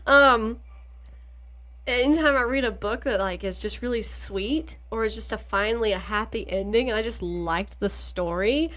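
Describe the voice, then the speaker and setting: Bubbly higher-voiced woman podcaster. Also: moderate pace. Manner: animated, laughing, warm back-channel replies. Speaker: podcast co-host. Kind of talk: casual chat.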